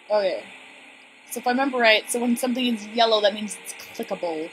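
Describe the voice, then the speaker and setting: A woman giving casual, excitable commentary on a game she is playing, chatting to her viewers. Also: on the high side, fast, low-quality recording. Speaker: let's play gamer. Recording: steady background noise.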